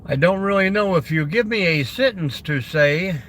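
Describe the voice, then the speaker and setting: A man hosts a casual livestream and greets his viewers by name as he rambles. His bright, fairly high voice swings up and down a lot, and he takes his time. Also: lively intonation, moderate pace, slight background noise. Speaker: camping channel host.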